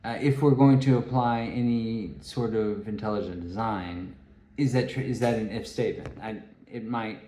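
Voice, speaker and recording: A man giving a rambling solo talk, halting and restarting his phrases. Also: on the low side, warm tone. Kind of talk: rambling spoken monologue. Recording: echoey room.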